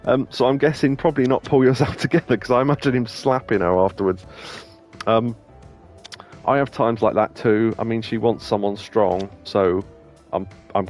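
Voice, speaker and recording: A man's voice: on the low side, darkish tone. A man chatting casually over gameplay, rambling through stories with many restarts and laughs. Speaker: let's play host.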